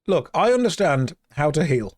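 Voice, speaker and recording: A man's voice: on the high side, sing-song, moderate pace, dry recording, studio quality. A man streaming a game, reading chat aloud and answering in a playful, exasperated way. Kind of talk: casual gaming stream chat.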